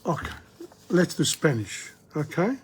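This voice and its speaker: Man, language teacher, husky voice, unhurried delivery, repeats phrases for practice. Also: a little high, sing-song. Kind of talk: casual video lesson.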